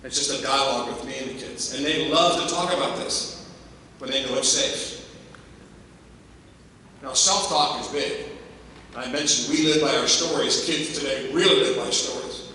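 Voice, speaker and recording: An older man giving an energetic motivational keynote to a staff convocation, throwing rhetorical questions at the crowd and stressing his points. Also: mid-range voice, moderate pace, long pauses. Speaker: motivational speaker. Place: large hall at a staff convocation. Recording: echoey hall, distant mic, faint noise.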